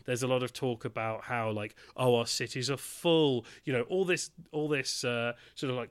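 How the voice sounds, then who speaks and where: A man co-hosting a film podcast, talking in an animated, rambling way and swearing freely. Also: mid-range voice, clear, resonant tone, dry recording. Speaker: podcast co-host. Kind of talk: casual chat about films.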